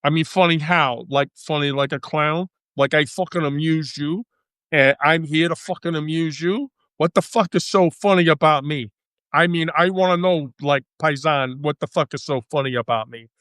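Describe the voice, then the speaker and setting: Woman doing a swearing new mobster bit, touchy, pressing hard, crisp clear voice, dead dry sound. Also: low voice, normal speed, fairly bright tone, no echo. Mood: menacing. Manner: profane, escalating interrogation. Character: hot-tempered male mobster, menacing and touchy.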